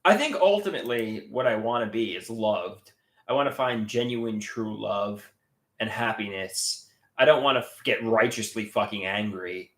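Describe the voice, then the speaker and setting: A man's voice: on the low side, normal speed, fairly bright tone, echoey room. A man chatting casually on a livestream, reading viewer comments aloud and greeting chatters.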